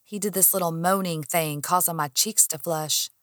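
A woman narrating a first-person audiobook, her voice sitting a little low for a woman. She is expressive and acts out her own heated lines with feeling, recorded close and dry with no room sound. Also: moderate pace, no echo.

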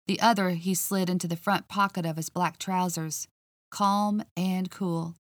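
A woman's voice: lowish voice, no echo, clean studio sound. A woman hosting a podcast, narrating a mystery story in the first person with a chatty, folksy manner.

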